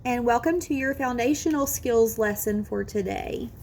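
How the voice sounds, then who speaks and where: A woman teaching a kindergarten phonics lesson, sounding out words slowly and with exaggerated care. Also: fairly high pitch, darkish tone, slight background noise. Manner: drawn-out, exaggerated sounding out of words, sing-song encouragement. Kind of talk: slow, careful phonics lesson for young children.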